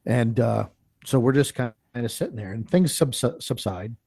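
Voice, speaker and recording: A man's voice: medium pitch, moderate pace, creaky, slightly rough, no room sound. A man telling a long field story as a guest in a live interview, acting out what people said and often restarting his sentences. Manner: animated, acts out quoted speech; rambling with frequent restarts.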